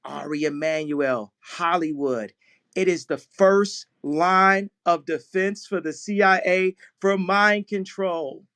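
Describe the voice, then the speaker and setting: A man talking casually in a live online audio room, rambling through quick tangents and often breaking into laughter. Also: high voice, sharp tone. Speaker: guest speaker. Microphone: phone in an online audio chat room.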